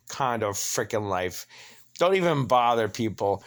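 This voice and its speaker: A man's voice: on the low side, sing-song, unhurried. Indignant profane middle-aged man ranting. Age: 50s. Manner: profane, indignant storytelling that acts out both sides of a dispute. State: limping, needs knee replaced. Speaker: vlogger. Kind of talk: angry personal rant.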